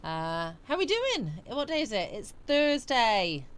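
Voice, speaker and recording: A woman from England's West Country hosts a live chat stream from a small home studio, sleepy and yawning as she greets viewers by name and answers their comments. Her voice is a little high, clear and resonant, with big pitch swings, and she takes it slowly.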